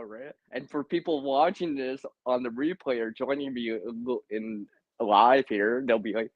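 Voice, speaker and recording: A man's voice: medium pitch, unhurried, no room sound, rough recording. A man hosting a casual live stream from home, chatty, laughing often and repeating words. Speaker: livestream host.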